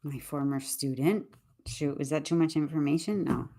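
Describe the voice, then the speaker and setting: Low-voiced woman teaching on a livestream. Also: dark tone. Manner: thoughtful, deliberate, with frequent restarts. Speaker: English teacher. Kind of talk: casual livestream talk.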